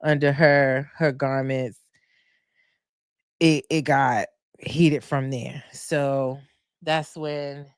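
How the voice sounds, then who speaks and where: A woman hosting a casual reality TV recap, animated, laughing and loudly mimicking cast members. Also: rumbling low, very slow, long pauses, smooth, no echo, studio quality. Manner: animated storytelling with frequent laughs and loud mock-quotes. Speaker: podcast host recapping reality TV.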